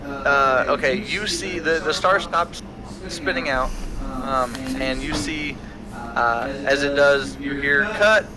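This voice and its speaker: Halting game master man, crowd behind. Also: medium pitch, rough recording. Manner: halting, with fillers and restarts. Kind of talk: narrating a tabletop game.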